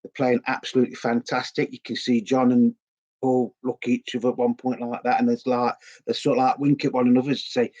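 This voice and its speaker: A middle-aged man talks casually and enthusiastically, often doubling back and filling pauses. His pitch sits in a mid range. The recording is slightly dull and lo-fi. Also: little pitch movement, a little mellow. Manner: rambling and enthusiastic, many fillers and restarts. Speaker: video blogger. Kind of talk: casual unscripted review.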